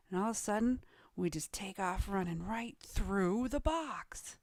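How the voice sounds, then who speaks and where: Female motivational coach, dramatic delivery with whispered asides, mid-pitched voice, dry recording. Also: lively intonation, unhurried, a little mellow, no room sound. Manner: dramatic, acts out quoted voices; drops into whispers for emphasis. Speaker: online business coach. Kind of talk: motivational talk.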